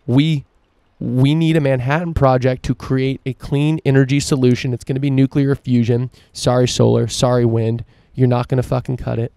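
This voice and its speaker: A man's voice: medium pitch, level tone, normal speed, gravelly, few pauses, warm tone, no echo. A man hosting a solo opinion podcast, ranting emphatically and swearing freely. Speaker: podcast host.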